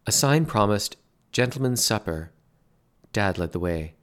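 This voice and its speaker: A man narrating a story in a measured, dry way. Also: lowish voice, lively intonation, a bit bright, clear, resonant tone.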